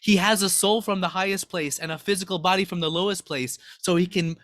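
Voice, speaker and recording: A man's voice: high-pitched, steady tone, fairly quick, no room sound, clean studio sound. A man voicing God as a patient, loving father figure, speaking tenderly and soothingly. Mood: earnest. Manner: tender, soothing, gently amused.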